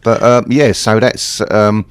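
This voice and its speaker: Deep-voiced older East London man. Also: fairly even intonation, slow pace, clean tone, dry recording. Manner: rambling, swearing, chatty. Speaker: interview guest, punk singer. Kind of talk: casual storytelling interview.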